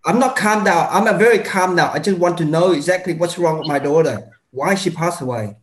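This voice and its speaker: A distraught mother fires demand after demand, as a man plays her in a medical role-play. The voice sits high and the room gives it a roomy echo. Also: a little fast, natural voice. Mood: angry, distraught. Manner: loud, insistent, repeating demands.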